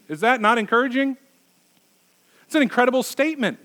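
A man's voice: very high voice, lively intonation, normal speed, long pauses, bright, forceful tone. A man preaching as a pastor, conversational and emphatic, asking his listeners rhetorical questions. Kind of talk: sermon.

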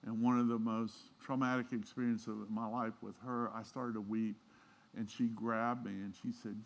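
A man's voice: on the low side, flat delivery, moderate pace. Man preaching a heartfelt sermon. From Southern United States. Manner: heartfelt storytelling, swinging from hushed to emphatic. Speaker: pastor.

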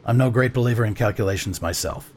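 A man voicing an excitable naval commander on a gunboat, speaking in an animated, dramatic way. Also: on the low side, fast talker, slight background noise, lightly acted. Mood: brooding.

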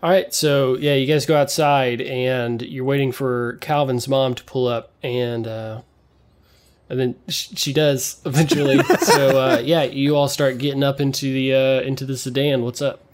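A man narrating a tabletop game as game master, relaxed and chuckling, with frequent fillers. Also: mid-range voice, moderate pace, slight background noise, natural voice.

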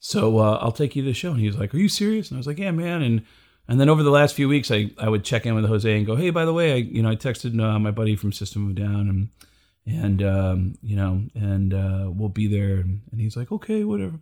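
A middle-aged man casually telling a comedy story, acting out the people he quotes with big jumps in pitch. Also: level tone, fairly quick, a little mellow. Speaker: comedian guest.

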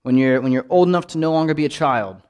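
A man's voice: fairly high pitch, quick pace, a little mellow. A man teaching a Bible study in a casual, earnest way, often asking rhetorical questions.

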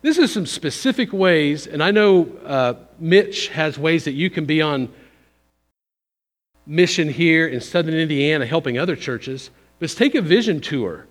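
A man giving a conversational, folksy missions sermon in a church, pushing up for emphasis and then dropping low. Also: expressive, unhurried. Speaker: visiting missions speaker. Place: church sanctuary. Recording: long hall reverb.

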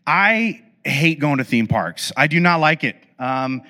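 A man's voice: on the high side, expressive, measured pace, sharp tone. A man giving a conversational sermon, telling a humorous story and acting out exasperated inner voices. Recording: echoey hall reverb.

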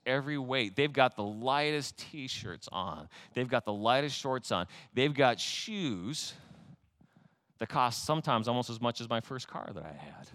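A man's voice: mid-range voice, a bit bright. A man preaching a sermon as a pastor, emphatic and full of rhetorical questions, with touches of light humor.

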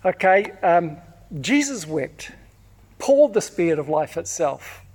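A man preaching a sermon, telling personal stories in an animated way, acting out shouts and often repeating words. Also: high voice, slow pace. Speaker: pastor.

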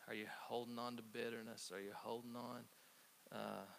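A man preaching a conversational sermon, telling stories with halting restarts. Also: mid-range voice, level tone, vocal fry. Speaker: pastor. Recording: faint hiss.

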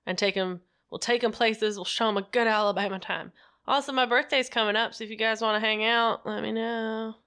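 A woman's voice: fairly high pitch, fairly even intonation, brisk, fairly bright tone, clear, resonant tone. Profane rambling woman podcast co-host. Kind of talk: casual chat.

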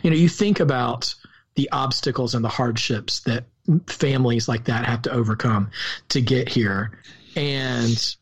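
Discussing a film on a podcast, a Southern-accented male co-host speaks at medium pitch with a breathy edge. His delivery is sincere yet halting, full of restarts.

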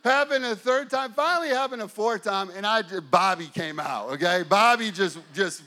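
A man in his forties, a pastor, telling a lively story in a sermon and now and then breaking into shouts as he acts it out. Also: high-pitched, normal speed. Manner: animated, bursts into shouts while acting out his story.

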